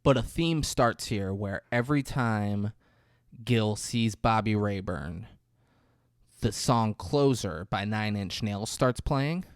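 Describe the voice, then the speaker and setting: A man's voice: fairly low pitch, slow pace, no echo, studio quality. A man co-hosting a podcast, recapping a film in casual chat and acting out the characters' lines. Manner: animated retelling with acted-out quotes. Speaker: podcast co-host.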